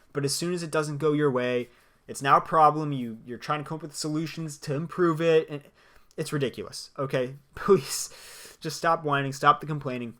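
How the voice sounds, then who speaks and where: A young man runs a sports podcast on his own, his voice pitched a little high. He throws out blunt opinions with plenty of energy and laughs between points.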